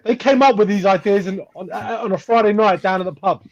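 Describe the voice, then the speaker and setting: High-voiced man on a dull dry line. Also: fast talker, crowd noise. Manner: repeats himself, teasing. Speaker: guest on live stream. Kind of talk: casual chat.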